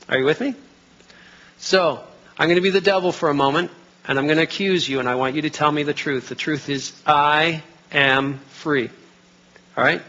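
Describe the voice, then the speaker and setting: Gravelly-voiced man preaching a sermon. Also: fairly high pitch, bright, forceful tone, highs cut off. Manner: interactive, asks the congregation to respond. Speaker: pastor. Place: church sanctuary.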